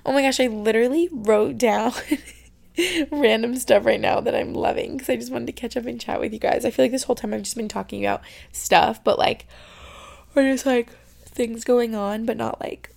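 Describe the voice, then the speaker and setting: A young woman in her twenties hosting a casual solo podcast from her bedroom, chatty, full of "like," sometimes dropping to a soft near-whisper. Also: fairly high pitch, normal speed, gravelly. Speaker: podcast host.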